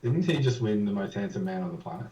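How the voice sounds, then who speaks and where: A man's voice: lowish voice, lively intonation, fast talker, dark tone, dull audio. An Australian man co-hosting a live stream, teasing and cheeky, heavy on slang. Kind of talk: casual live-stream chat. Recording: echoey, distant from the mic.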